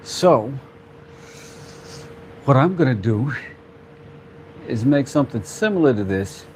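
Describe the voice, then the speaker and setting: A man's voice: medium pitch, big pitch swings, takes it slowly, a little mellow, slight background noise. A man hosting a casual workshop vlog, rambling playfully with jokey asides as he works. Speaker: craft channel host, father.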